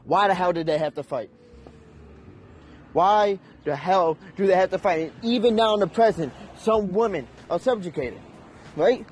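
A man's voice: sits high, moderate pace, slight background noise. A young man ranting in an unscripted, heated and profane way, with emphatic delivery. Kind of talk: unscripted rant.

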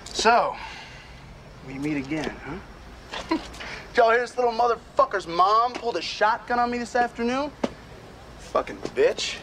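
An actor playing a foul-mouthed, bullying male high school senior who taunts and explodes with profanity, heard as a film clip. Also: animated, normal speed, pauses often, a little hiss or hum. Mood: taunting. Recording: film clip with loud music behind.

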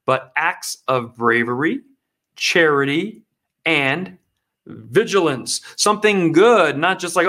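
A man's voice: sits high, unhurried, a bit bright. A man hosting an online commentary show, reacting to news clips in a sarcastic, emphatic way and talking straight to his viewers.

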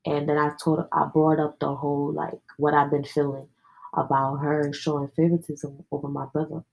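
A young woman with a low, husky voice talks casually on a podcast. Her tone is dark and mellow, and her delivery is slangy and candid, with a lot of profanity. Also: little pitch movement, moderate pace, low-quality recording. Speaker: podcast host. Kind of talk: casual storytelling chat.

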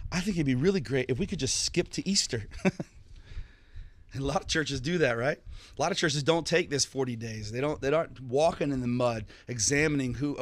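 A man preaching a sermon as a pastor, conversational and animated, acting out quick bits of dialogue with jokes along the way. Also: medium pitch, dry recording.

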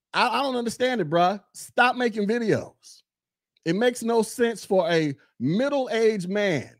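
A man doing a casual commentary podcast from his desk at home, blunt and mocking with loud bursts. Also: high-pitched, no echo, studio quality.

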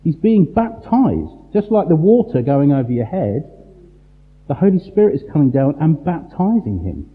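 A man preaching a sermon, emphatic and full of rhetorical questions and dramatic pauses. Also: fairly high pitch, very animated. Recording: tinny phone-like sound in a large reverberant hall.

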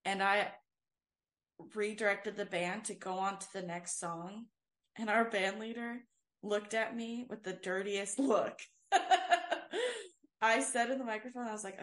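A woman's voice: medium pitch, moderate pace, a bit bright. A young woman co-hosting a casual faith podcast, telling a personal story in an earnest, rambling way full of "like" and "um". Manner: earnest, filler-heavy storytelling with frequent "like". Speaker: podcast co-host and worship leader. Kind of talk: casual chat, personal testimony.

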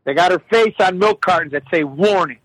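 A man ranting comically about his young daughter, animated and profane, full of exasperation. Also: high-pitched, a little fast, dry recording, poor audio. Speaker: guest telling stories about his daughter. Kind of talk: comedic casual storytelling.

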